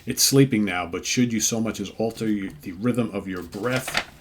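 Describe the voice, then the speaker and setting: A taunting female sword warrior from an old comic book, read out by a man. She is wry and cocky, and the reading is plain, in a fairly low, everyday voice. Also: moderate pace, a little hiss or hum, close to an everyday voice. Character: bold female sword-wielding warrior, mocking.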